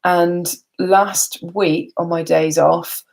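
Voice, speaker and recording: A woman's voice: fairly low pitch, flat delivery, very slow, vocal fry, a little mellow. A tired woman chatting casually on a live stream, rambling and laughing often. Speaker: beauty vlogger.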